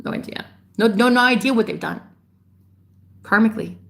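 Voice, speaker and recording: A woman delivering a fiery, preachy monologue straight to her viewers, swearing freely and scolding them, with sharp jumps in pitch on her outbursts. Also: brisk, gravelly. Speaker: spiritual vlogger. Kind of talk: ranting monologue to camera.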